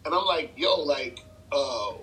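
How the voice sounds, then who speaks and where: A man's voice: a little high, expressive, takes it slowly, pushed and bright, poor audio. A man, telling a dating story in casual chat, loose and rambling, laughing often. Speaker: podcast guest, dating coach.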